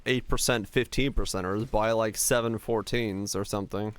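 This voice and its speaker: A man's voice: fairly low pitch, fairly even intonation, moderate pace, hardly any pauses. A young man streaming a game, chatting casually, answering chat questions and thinking aloud as he plays.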